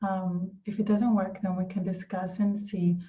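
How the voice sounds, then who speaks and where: A woman coaches parents in a calm, gentle way, sometimes voicing the words a parent might say. Her tone is mellow. The recording is a bit distant and muffled. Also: medium pitch, normal speed. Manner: calm and gentle, acting out parent-child dialogue. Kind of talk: answering a viewer question. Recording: dull, slightly distant sound.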